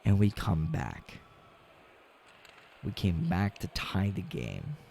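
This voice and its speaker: A man streaming a game, talking casually and ranting with lots of swearing, dropping to low mutters and rising to loud outbursts. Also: wildly swooping pitch, takes it slowly, gravelly, slight background noise. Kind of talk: casual gaming stream chat.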